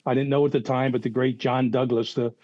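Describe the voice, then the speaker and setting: A man's voice: mid-range voice, little pitch movement, quick pace, mellow, no room sound. An older man tells rambling stories, full of fillers and false starts. His audio is slightly muffled and lo-fi. There is almost no room sound around him. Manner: rambling anecdotes with many restarts and fillers. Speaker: guest, former FBI profiler. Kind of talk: casual podcast storytelling.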